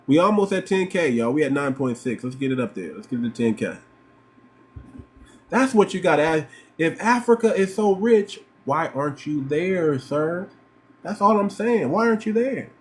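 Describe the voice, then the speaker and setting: A man from the United States hosts a livestream with a slightly higher-pitched voice. He hammers his points home, repeating lines and piling on rhetorical questions. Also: big pitch swings, moderate pace. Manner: emphatic and repetitive, firing rhetorical questions. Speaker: livestream host. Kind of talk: livestream commentary.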